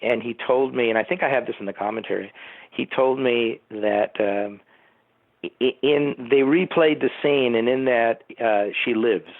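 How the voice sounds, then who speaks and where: A man's voice: mid-range voice, normal speed, no echo. An older man from Southern California, a producer being interviewed, telling rambling stories and acting out what people said. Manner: rambling storyteller who acts out quotes. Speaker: producer and writer, interview guest. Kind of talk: casual anecdotal interview. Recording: tinny phone line, dry.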